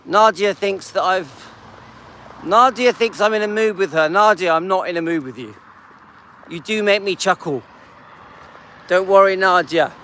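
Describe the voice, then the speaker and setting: Chatty older man, high and bright. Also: unhurried, long pauses, a little hiss or hum. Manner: chatty, greets viewers by name, restarts sentences. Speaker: live-stream host. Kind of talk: casual live-stream chat. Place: outdoors walking through a seaside town.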